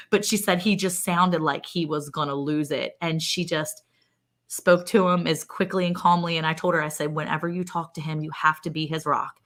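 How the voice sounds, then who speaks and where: A woman's voice: low-pitched, steady tone, moderate pace. A woman in her forties, from Maryland, co-hosting a casual chat and telling an earnest, rambling story. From Maryland, USA. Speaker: co-host.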